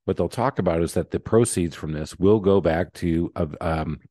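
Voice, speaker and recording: A man's voice: low-pitched, normal speed, mellow, no room sound, clean studio sound. A man hosting a podcast, chatting in a rambling, joking way. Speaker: podcast host. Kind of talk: casual interview chat.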